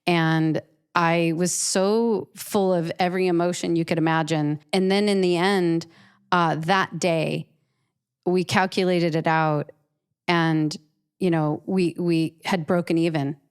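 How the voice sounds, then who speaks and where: A woman with a lower voice and a smooth, resonant tone tells a personal story to an interviewer. She is earnest and emotional, and she often restarts and repeats words as she goes. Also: steady tone, takes it slowly. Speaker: professional artist, interview guest.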